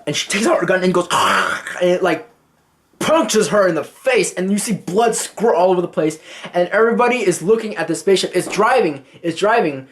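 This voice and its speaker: A man's voice: high voice, a little fast, a bit bright. A man casually reviewing a movie, swearing freely as he retells scenes. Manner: casual and profane, acting out scenes.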